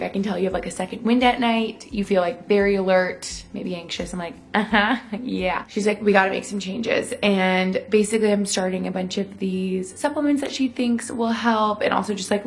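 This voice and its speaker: A young woman chatting in a confessional vlog, talking fast and loose with lots of "like" and acted-out quotes. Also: mid-range voice. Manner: chatty, lots of "like", quoting herself and others. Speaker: vlogger. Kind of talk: casual confessional vlog chat.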